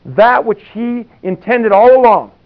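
A man's voice: extremely high pitch, expressive, a little slow. A man preaching a conversational sermon, folksy and rambling, with many asides. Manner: folksy, rambling asides with frequent "you know". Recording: tinny phone-like sound.

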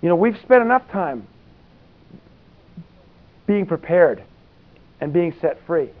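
A man's voice: on the high side, big pitch swings, slow pace. Tinny-sounding preacher, man with raised voice. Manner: folksy, rambling asides with frequent "you know". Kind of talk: conversational sermon.

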